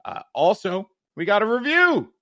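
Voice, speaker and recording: A man's voice: high voice, moderate pace, no room sound, clean studio sound. A man co-hosting a podcast, doing plugs and joking around in casual chat. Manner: lively, jokey, reads out plugs. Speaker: podcast co-host.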